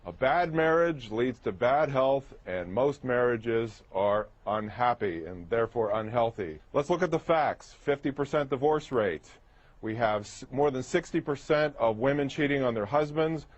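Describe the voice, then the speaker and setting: On a TV debate panel, an opinionated male guest argues heatedly in a medium-pitched, expressive voice at a moderate pace. Combative, he talks over the others and rattles off statistics to press his point, and the sound is lo-fi.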